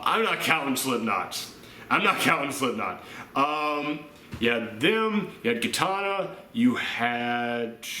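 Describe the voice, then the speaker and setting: Exasperated ranting man, bright voice. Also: medium pitch. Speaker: movie reviewer. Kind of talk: casual ranting chat. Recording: roomy echo.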